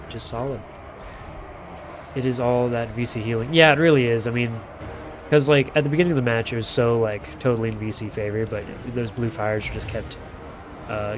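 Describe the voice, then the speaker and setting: Man, casual game commentary, mid-pitched voice, rambling with fillers, noisy background. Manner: casual, rambling, many fillers and self-corrections. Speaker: game caster. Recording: audible background noise.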